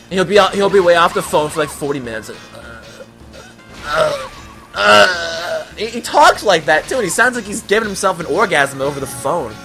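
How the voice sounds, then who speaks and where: A man's voice: sits high, big pitch swings, fast, few pauses, sharp tone, soft background music. A young man from the US East Coast, hosting a let's play with rambling, jokey, easily sidetracked game commentary.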